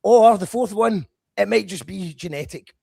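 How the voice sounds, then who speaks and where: A man's voice: sits high, moderate pace, vocal fry, mellow, husky. A man hosting a casual chat, self-deprecating and chatty. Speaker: podcast host.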